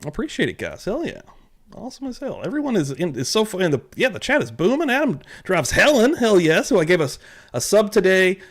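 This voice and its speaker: A young adult man hosting a casual livestream, animated and excitable, swearing casually as he greets viewers. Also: high-pitched, a little fast. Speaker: livestream host.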